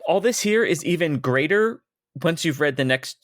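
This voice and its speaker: A man hosting a podcast who talks about a book in casual chat, relaxed and dropping dry joking asides. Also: fairly high pitch, normal speed, dry recording. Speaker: podcast host.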